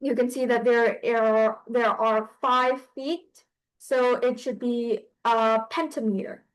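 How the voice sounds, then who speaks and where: A woman teaching a class about poetry, explaining hesitantly with frequent pauses and restarts. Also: a little high, fairly even intonation, low-quality recording.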